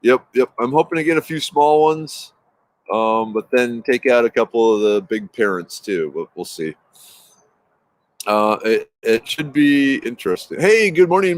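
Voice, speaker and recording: A man hosting a casual morning livestream from his backyard, greeting viewers by name in an upbeat, rambling way. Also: mid-range voice. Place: outdoors in a backyard. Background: traffic noise.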